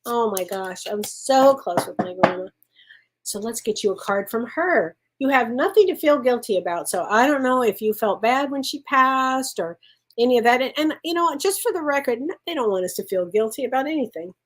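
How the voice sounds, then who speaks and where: A woman's voice: a little high, lively intonation, moderate pace. A woman working as a spiritual medium, answering viewer questions on a live stream in an effusive way and calling people honey. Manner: warm, effusive, laughs often, calls people honey.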